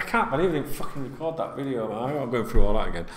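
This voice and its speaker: A man hosting his own football vlog, talking straight to camera in a loose, rambling way and swearing often. His voice sits at an ordinary middle pitch. The room around him rings with noticeable echo. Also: expressive, racing. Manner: chatty, swears freely, rambling asides. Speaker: football vlogger. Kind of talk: casual direct-to-camera vlog.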